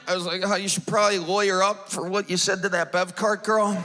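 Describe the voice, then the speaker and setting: With a high, bright, forceful voice and fairly even intonation, a Midwestern man with an Upper Midwest accent delivers stand-up a little fast with few pauses. Playing a large theater hall to an audience, he's self-deprecating and acts out dialogue between characters.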